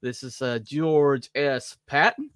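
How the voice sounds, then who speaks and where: A man's voice: medium pitch, slow, a bit bright, clear, resonant tone, no room sound, clean studio sound. A man from the South, co-hosting a podcast in casual chat, rambling with lots of fillers and joking asides. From Southern United States. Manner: rambling, self-mocking, full of fillers and asides. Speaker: podcast co-host.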